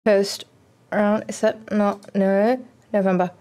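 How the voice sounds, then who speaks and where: A young woman, streaming a football manager game and chatting excitedly at it. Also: fairly high pitch, measured pace. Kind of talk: casual game commentary.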